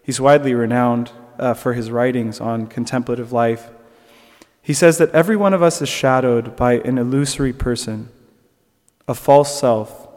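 This young preacher has a mid-range voice and is heard in a large hall. He delivers a sermon reflection conversationally, with fillers and restarts, turning animated as he tells stories.

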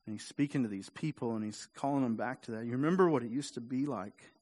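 A man preaching a sermon in a conversational way, often repeating words and rising louder for emphasis. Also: mid-range voice, fast, slightly rough. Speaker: pastor.

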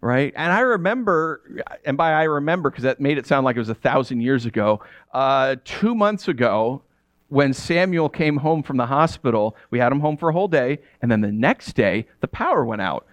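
A man's voice: medium pitch, lively intonation, normal speed, dry recording. A man in his thirties preaching a conversational sermon, telling stories and asking rhetorical questions. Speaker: pastor.

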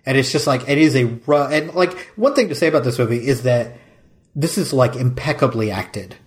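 A man's voice: mid-range voice, brisk. A man co-hosting a casual film podcast, talking emphatically and effusively with many fillers. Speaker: podcast co-host.

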